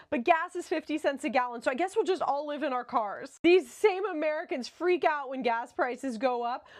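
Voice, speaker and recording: A woman giving sarcastic opinion commentary to camera, building her argument. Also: sits high.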